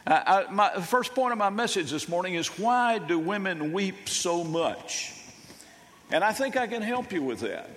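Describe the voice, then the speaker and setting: An older man preaching a sermon as pastor, folksy and halting, with many restarts. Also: sits high, big pitch swings, fairly bright tone. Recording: long reverb of a church hall.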